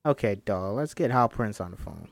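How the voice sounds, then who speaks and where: A man voicing a salty, old-school woman agent in her fifties who talks fast and pushy. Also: fairly low pitch, lively intonation, vocal fry, no echo, soft background music, pitched below the performer's own voice. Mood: brassy, pushy.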